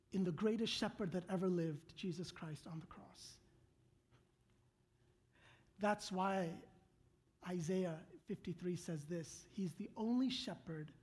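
A woman preaching a sermon, talking straight to her congregation and swinging from loud, emphatic lines to hushed whispers. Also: lowish voice, slightly rough. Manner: earnest, direct address to the congregation.

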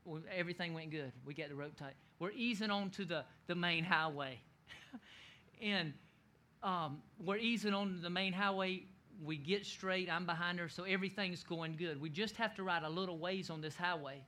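Middle-aged man, pastor, animated sermon storyteller with a high, bright voice. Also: normal speed. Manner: animated, laughing storyteller who shouts quoted lines.

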